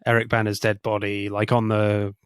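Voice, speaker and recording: A man's voice: on the low side, monotone, moderate pace, clear, resonant tone, no room sound, clean studio sound. A man co-hosting a film review podcast in casual chat, chuckling often as he talks. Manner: chuckles often while talking. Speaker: podcast co-host reviewing films.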